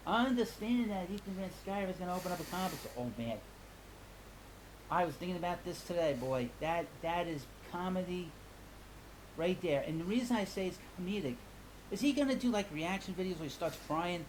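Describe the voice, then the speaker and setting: A man's voice: fairly high pitch, slight background noise, low-quality recording. A man hosting a comic book channel, rambling in a casual, mocking and gossipy way. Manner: mocking and gossipy, laughs at others.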